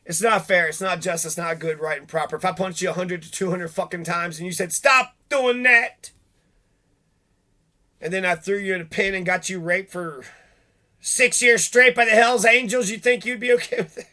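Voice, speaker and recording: Brief: agitated middle-aged male vlogger, swearing and firing off questions, high-pitched. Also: steady tone, a little fast, sharp tone. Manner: profane, agitated, rhetorical questions. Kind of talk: angry ranting monologue.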